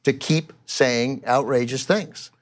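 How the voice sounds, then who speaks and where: A middle-aged man trading views on politics with his co-host. He speaks at a middle pitch and often stops and restarts before he makes his point. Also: slow. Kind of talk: casual political chat.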